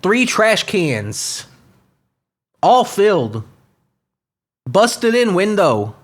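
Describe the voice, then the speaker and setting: A man's voice: high voice, very animated, very slow. A man in his twenties hosting a satirical podcast, reading news stories aloud and mocking them with profane rants. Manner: profane, mocking, switches into goofy voices. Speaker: podcast host.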